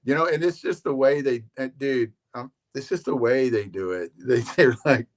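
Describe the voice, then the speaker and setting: A man's voice: medium pitch, moderate pace. A man in casual chat as a regular guest on a live show. He rambles in a laid-back way, swears casually and often repeats his words.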